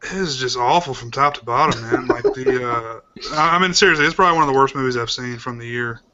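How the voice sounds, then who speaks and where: A man's voice: mid-range voice, quick pace, muffled recording, a crowd in the background. A man co-hosting a casual movie commentary, talking loosely with many fillers. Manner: loose, rambling, lots of fillers and swearing. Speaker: commentary co-host.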